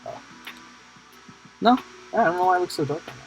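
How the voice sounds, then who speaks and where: A man's voice: high voice, expressive, brisk, faint music behind, low-quality recording. A man streaming live as he paints miniatures, rambling and joking to himself in casual chat. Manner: rambling, jokey, talks to himself while working.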